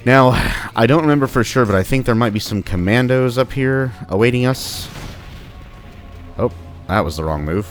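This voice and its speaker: A man's voice: mid-range voice, lively intonation, moderate pace, faint music behind. A young man giving casual, joking commentary while playing a video game, chatting to the enemies on screen. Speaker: gameplay commentator. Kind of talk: casual let's-play commentary.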